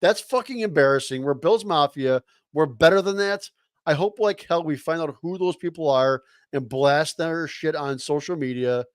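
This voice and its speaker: A man's voice: a little high, normal speed, smooth, dry recording, studio quality. A man co-hosting a live sports show, ranting bluntly and profanely as a heated fan. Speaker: co-host.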